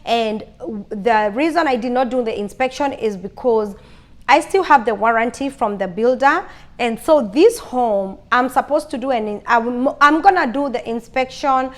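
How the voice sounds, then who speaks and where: Woman, vlogger, casual chatty storytelling, somewhat high pitch, repeats phrases, restarts sentences. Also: normal speed. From lives in Arizona.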